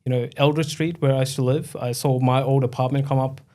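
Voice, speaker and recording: A man's voice: mid-range voice, fairly even intonation, brisk, mellow. An Australian man co-hosting a podcast, laid-back and agreeable in casual chat. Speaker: podcast co-host.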